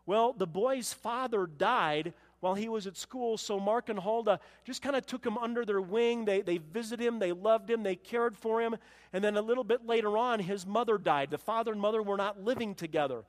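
A man's voice: high-pitched, moderate pace, big-room sound. A man preaching a sermon, quoting scripture and telling stories with rising emphasis. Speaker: pastor.

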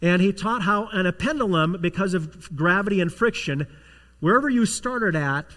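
A man's voice: sits high, animated, normal speed, a bit bright. A man preaching a sermon as pastor, telling a story with rising intensity and acting out the voices of the people in it. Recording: long hall reverb.

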